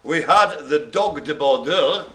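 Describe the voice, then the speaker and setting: A man's voice: on the high side, expressive, measured pace, sharp tone. A man hosting a live online bingo game, calling dog breeds in a playful, teasing way with theatrical asides. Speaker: bingo caller host.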